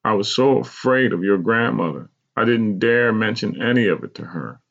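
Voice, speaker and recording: A man's voice: lowish voice, expressive, normal speed, gravelly, fairly bright tone, dull audio, voice pushed up, heavily acted. A man voicing a regretful mother who recounts a painful youth, speaking in a raised, strained voice. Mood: pained. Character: pained, regretful mother recalling a hard youth.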